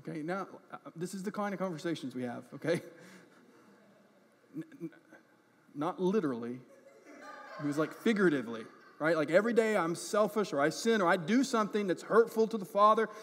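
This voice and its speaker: Male pastor, high-pitched, chatty sermon delivery with frequent "right?" asides, recorded in a reverberant sanctuary. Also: brisk, long pauses. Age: adult parent. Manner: conversational, often checking in with "right?" and "okay?"; self-deprecating, grows animated in funny moments. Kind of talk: sermon with personal storytelling. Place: church sanctuary. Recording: church hall reverb.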